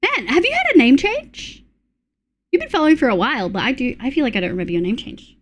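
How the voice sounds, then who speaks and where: A woman with an Australian accent chatting casually with her live-stream audience, reading chat messages and making quick asides. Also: high-pitched, sing-song.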